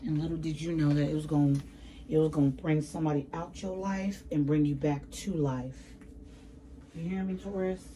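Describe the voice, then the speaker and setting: Tarot reader, woman, low deep-set voice, slangy and emphatic, reading to camera from her bedroom. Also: steady tone, moderate pace, warm tone, a little hiss or hum, low-quality recording. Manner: chatty, slangy, emphatic, addresses viewers as baby. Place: bedroom at home.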